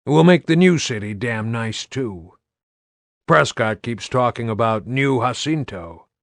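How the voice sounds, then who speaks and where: A weary, gruff older army officer speaks slowly with a rough gravel in the voice, voiced by a man narrating an audiobook. The pitch swings widely between phrases. The recording is dry and close. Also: expressive, no echo.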